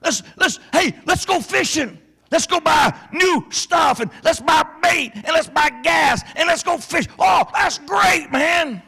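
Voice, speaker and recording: A man playing shouting, hyped-up teen buddies. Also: very high voice, expressive, a little slow, vocal fry, voice pushed up, full character voice. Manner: shouting, over-the-top enthusiasm. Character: excited male teen buddies hyping bad ideas.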